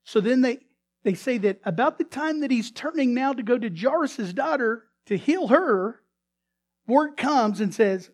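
This sermon comes from a male pastor whose very high voice is animated yet unhurried. His dramatic storytelling veers between hushed tones and loud emphasis, and he often repeats or restarts his words.

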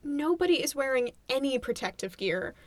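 High, lively, sarcastic woman. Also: moderate pace, no room sound. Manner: sarcastic, giggly, incredulous. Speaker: podcast co-host. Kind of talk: casual movie watchalong commentary.

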